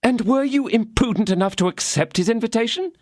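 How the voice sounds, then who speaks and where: A man voicing a fierce, scornful young woman in an audiobook, speaking in an indignant, cutting way with a raised pitch. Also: brisk, darkish tone, no echo, clean studio sound. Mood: questioning.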